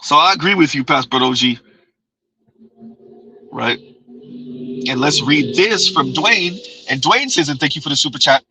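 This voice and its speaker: A man's voice: fairly high pitch, lively intonation, normal speed, long pauses, sharp tone, slight background noise, low-quality recording. A man hosting his own channel, giving casual, emphatic commentary on clips and viewer messages and repeating his key points.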